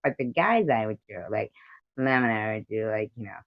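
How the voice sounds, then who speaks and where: American woman, livestream host, rambling chatty delivery, muffled low-fi audio. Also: lively intonation, moderate pace, no echo. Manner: rambling, giggly, reads out viewer comments. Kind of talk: casual livestream chat. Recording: dull lo-fi stream audio.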